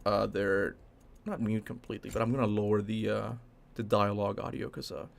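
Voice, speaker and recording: A man's voice: lowish voice, fairly even intonation, brisk, vocal fry. A young man streaming a video game, chatting casually and rambling, often correcting himself and laughing. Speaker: gaming streamer. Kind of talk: casual live commentary over gameplay.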